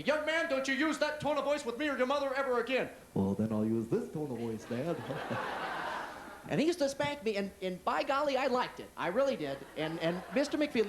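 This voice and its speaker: Fast, lively male stand-up comic. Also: high-pitched. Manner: animated, quick storytelling that jumps between voices. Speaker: stand-up comedian. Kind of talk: stand-up comedy. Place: comedy club stage. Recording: 1980s TV comedy club recording with faint noise.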